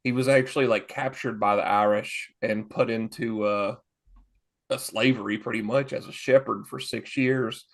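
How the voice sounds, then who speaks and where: A man's voice: mid-range voice, steady tone, moderate pace, vocal fry. A man co-hosting a casual podcast, talking in rambling, restarting stretches and swearing freely. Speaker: podcast co-host.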